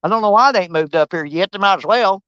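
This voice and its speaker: A man's voice: high-pitched, quick pace, a bit bright, clear, resonant tone, no echo, lo-fi sound. A man hosting a fishing livestream outdoors. He rambles casually to his viewers and teases the fish. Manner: rambling, teasing, talks to the fish. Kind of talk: casual live-stream chat. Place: outdoors on a riverbank.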